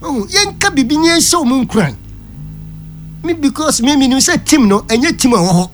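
Ghanaian guest preaching a christian take on a talk show, emphatic, pitch all over the place. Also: lively intonation, brisk, soft background music. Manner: emphatic and preachy, switching between Twi and English. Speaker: guest giving a Christian view. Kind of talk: opinionated talk-show commentary.

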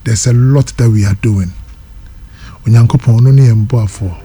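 A man's voice: medium pitch, moderate pace, dark tone, a little hiss or hum. A Ghanaian man hosting a radio call-in show, making an appeal for donations. He switches between Twi and English and repeats lists of items and phone numbers. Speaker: radio host.

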